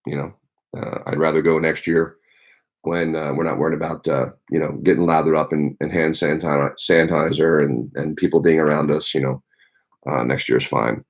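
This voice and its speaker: A man's voice: very deep voice, flat delivery, normal speed, creaky. A man, a teacher, chatting casually on a livestream, rambling with lots of ums and you-knows.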